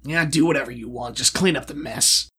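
A man's voice: medium pitch, fairly quick, sharp tone, breathy edge. A man voicing a curt, dismissive armored man speaking through a hologram in a tabletop game.

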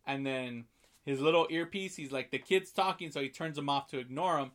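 A man in casual chat, animatedly retelling a film scene by scene and acting out the characters' lines, with swearing. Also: fairly quick. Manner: animated storyteller, acts out lines with big jumps in pitch and loudness, swears.

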